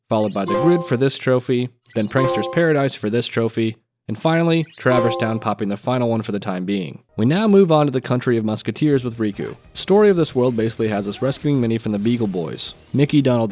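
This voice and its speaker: A man's voice: mid-range voice, a little mellow. A man narrating gameplay as a trophy hunter, with dry, joking asides.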